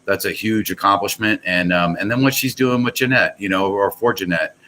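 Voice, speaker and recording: A man's voice: fairly low pitch, a little fast, pushed and bright, a little hiss or hum, rough recording. A man talking as a guest on a casual podcast, rambling and enthusiastic with many restarts. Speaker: guest, pool products company owner.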